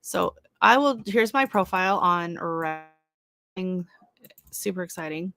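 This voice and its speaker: A woman's voice: lowish voice, expressive, takes it slowly, vocal fry, bright, forceful tone, dry recording. A middle-aged woman from Canada chatting on her own livestream, rambling with fillers and restarts as she reads comments. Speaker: channel host on a livestream. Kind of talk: casual livestream chat reading comments.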